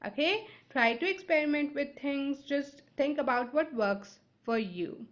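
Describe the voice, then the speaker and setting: A woman's voice: high voice, expressive, unhurried. Woman teacher, English not her first language, patient step-by-step explainer who keeps checking in with listeners; slightly muffled audio. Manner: explanatory, checks in with frequent "right?" and "okay?". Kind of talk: instructional video lesson.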